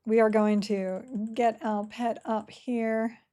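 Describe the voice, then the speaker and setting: Cheerful woman streamer with a mellow voice. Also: on the high side, level tone, slow pace, smooth. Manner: cheerful, chatty, answers chat questions. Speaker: game streamer. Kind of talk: casual live-stream chat while playing.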